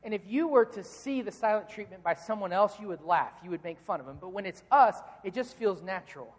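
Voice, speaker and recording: A man's voice: high voice, expressive, a little fast. A man preaching a sermon in a conversational, joking way, often repeating words as he starts a phrase. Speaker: pastor. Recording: long reverb from a large hall.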